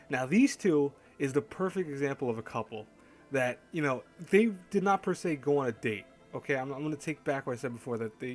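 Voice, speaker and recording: A man hosting an anime countdown in casual chat, rambling and correcting himself as he goes. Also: medium pitch. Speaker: host. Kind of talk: casual anime list commentary.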